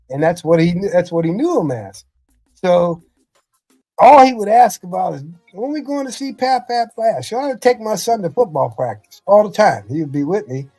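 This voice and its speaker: A man's voice: on the high side, dark tone. Middle-aged man telling rambling stories. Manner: rambling anecdotes with frequent "you know". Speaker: podcast host, former football coach. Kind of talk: casual storytelling chat.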